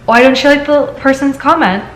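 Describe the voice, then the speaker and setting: A woman hosting a casual chat show, reading stories aloud and telling her own story in an animated way. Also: high voice, a little fast, a little hiss or hum. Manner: animated storyteller, laughs often. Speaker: host. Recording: echoey room.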